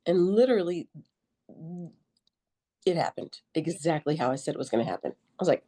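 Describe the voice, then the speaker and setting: A middle-aged woman as a podcast guest, telling her story in a lively, joking, colloquial way and acting out her own quotes. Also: low-pitched, brisk, long pauses, breathy edge. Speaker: podcast guest, army veteran nurse. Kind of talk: conversational interview storytelling.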